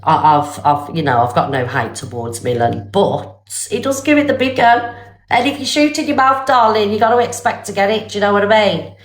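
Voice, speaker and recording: A woman's voice: expressive, a little fast. A woman hosting a casual livestream, chatty and swearing freely, with a slight cold. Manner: chatty, swings to high squeals, swears casually. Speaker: livestream host. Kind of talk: casual live-stream chat. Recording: roomy echo.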